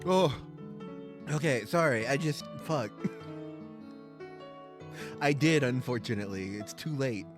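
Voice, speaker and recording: A man's voice: medium pitch, slow pace, long pauses, music in the background. A young man streaming a game, chatting casually, laughing often and swearing. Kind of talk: let's play commentary.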